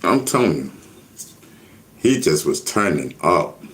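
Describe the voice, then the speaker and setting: A man's voice: deep voice, sing-song, slow, a bit bright. A man hosting a casual livestream, reading viewer comments aloud and riffing on them with repeated catchphrases. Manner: reads chat comments aloud, repetitive catchphrases. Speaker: livestream host.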